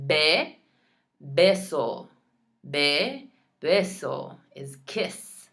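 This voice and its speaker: A woman with a low, deep-set voice teaches vocabulary in an online lesson. She sounds out each word slowly and patiently explains how to say it. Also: a bit bright. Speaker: Spanish teacher.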